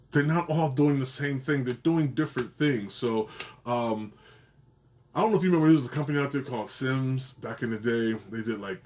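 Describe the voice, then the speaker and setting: A middle-aged man hosts his own genealogy video, explaining things casually and animatedly to the camera. He often repeats or restarts phrases and pushes his pitch upward for emphasis.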